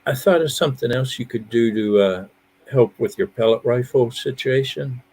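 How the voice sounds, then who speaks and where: A man in his fifties hosting a live stream. He chats casually and easygoing, and he laughs his way through animated stories. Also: mid-range voice, moderate pace, breathy edge. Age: 50s. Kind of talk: casual chat.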